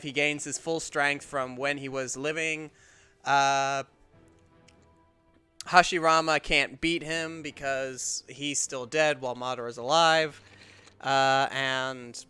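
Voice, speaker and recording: A man's voice: mid-range voice, pushed and bright, clean tone. A young man giving playful, rambling commentary over his gameplay. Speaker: gameplay streamer. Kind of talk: casual let's play commentary.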